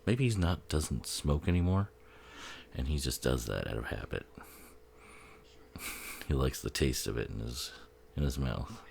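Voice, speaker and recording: Very deep, gravelly man mocking a film. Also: lively intonation, measured pace, pauses often, darkish tone. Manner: profane, sarcastic, laughs often. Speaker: film commentator. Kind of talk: casual movie commentary.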